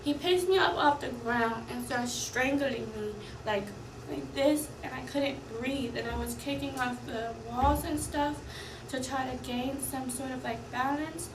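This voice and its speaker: Upset high-voiced young woman. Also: reverberant, distant mic, noisy background. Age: young adult. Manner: rushed, upset retelling. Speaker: college student. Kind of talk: recorded personal account.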